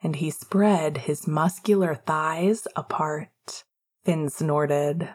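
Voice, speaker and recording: A woman narrating a romance audiobook in a hushed, often half-whispered delivery. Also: sits low, extremely slow, breathy edge.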